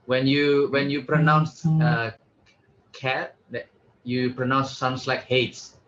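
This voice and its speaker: Slow, hesitant man. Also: mid-range voice, steady tone, fairly bright tone, muffled recording. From Indonesia. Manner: slow, hesitant, repeats words while sounding them out. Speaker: student. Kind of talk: language lesson practice.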